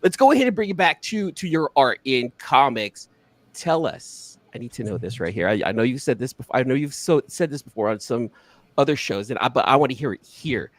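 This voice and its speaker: Lively male interview host, dry sound. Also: medium pitch, a little fast, no echo. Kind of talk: casual interview.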